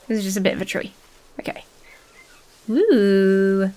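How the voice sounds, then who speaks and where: A woman's voice: fairly high pitch, lively intonation, normal speed, pauses often. A woman hosting a casual let's-play, chatty and gushing, swearing casually, with faint game music behind her. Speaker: gaming video host.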